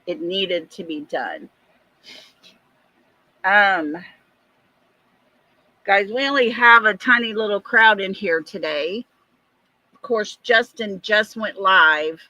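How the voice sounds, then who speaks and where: A woman's voice: medium pitch, slow pace, pauses often, sharp tone, dry recording, poor audio. Breathless woman hosting a livestream. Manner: chatty, greets viewers by name. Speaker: livestream host. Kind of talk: casual livestream chat.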